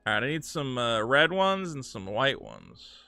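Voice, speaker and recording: Crude joking male streamer, lively pitch. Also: a little slow, vocal fry, dry recording, faint music behind. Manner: crude, rambling, joking, swears freely. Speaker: gaming streamer. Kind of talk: casual gameplay commentary.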